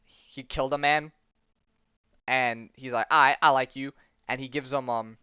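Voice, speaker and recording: A man's voice: medium pitch, fairly even intonation, a little slow, bright, forceful tone, clear, resonant tone, no echo, dull audio. A man hosting a podcast, casually recapping a comic storyline in a rambling way full of ums and likes. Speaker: podcast host.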